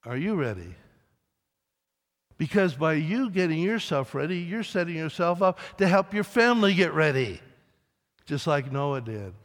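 A man preaching a sermon as pastor, emphatic, with dramatic rises and soft drops. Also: on the high side, very animated, moderate pace. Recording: long reverb of a large hall.

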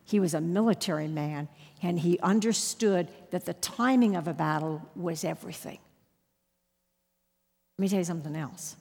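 Husky woman preaching in a reverberant hall. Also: fairly low pitch, normal speed. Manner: emphatic storytelling with sudden loud rises. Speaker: Bible teacher. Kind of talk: sermon with personal story.

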